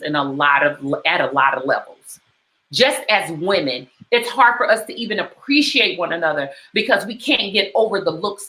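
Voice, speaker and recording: Impassioned woman telling a story, bright voice. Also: lowish voice, reverberant, rough recording. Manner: impassioned, storytelling with repeated phrases. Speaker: host. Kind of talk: personal commentary talk.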